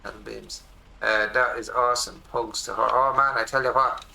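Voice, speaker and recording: Gravelly Irish man in his forties. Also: mid-range voice, moderate pace, low-quality recording. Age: 40s. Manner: rambling, excitable storyteller. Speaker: game streamer. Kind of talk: casual gameplay commentary. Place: home desk.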